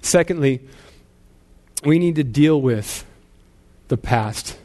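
A man's voice: fairly high pitch, lively intonation, slow, mellow. Self-deprecating casual preaching man. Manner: casual storytelling, self-deprecating, repeats words often. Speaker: pastor. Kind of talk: sermon.

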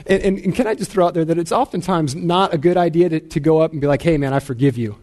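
A man's voice: a little high, steady tone, quick pace, warm tone. A man in his thirties, a pastor, preaching a sermon in a casual, self-deprecating storytelling way with frequent repeated words.

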